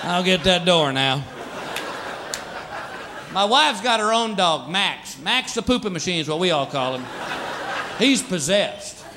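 A man doing stand-up comedy with punchy, animated storytelling. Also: high voice, measured pace, pauses often, noisy background.

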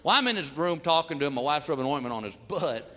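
Animated man telling stand-up stories. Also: on the high side, quick pace. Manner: animated storytelling, acts out family members. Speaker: stand-up comedian. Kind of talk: stand-up comedy routine. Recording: live hall recording with loud background noise.

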